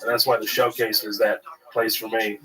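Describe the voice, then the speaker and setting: A man in casual interview talk, telling his life story as a stand-up comedian, animated and profane, originally from Kuwait. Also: moderate pace, low-quality recording. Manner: animated storyteller, jumps high when acting out his younger self. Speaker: guest comedian.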